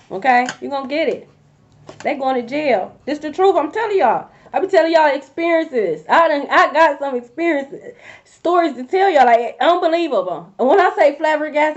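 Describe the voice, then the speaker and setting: A woman's voice: high voice, muffled recording. Blunt, profane woman tarot reader. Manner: blunt, profane, animated slang-heavy delivery. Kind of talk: casual tarot reading to camera.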